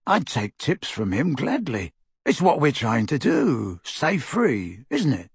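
A man's voice: medium pitch, huge pitch swings, slow, husky, no room sound, clean studio sound, exaggerated voice. A man voicing a blunt, frank middle-aged wizard in a storybook reading, confiding and scornful.

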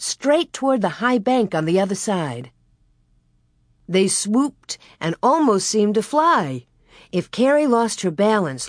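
A woman reading a children's story aloud in a slow, gentle narration. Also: mid-range voice, no room sound, studio quality. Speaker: reader.

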